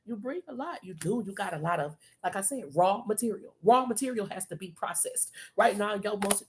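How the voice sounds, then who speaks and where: A woman's voice: medium pitch, a little hiss or hum. A woman reading tarot on a live stream, coaching the viewer in an emphatic, streetwise, profane way and repeating phrases for emphasis. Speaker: tarot reader.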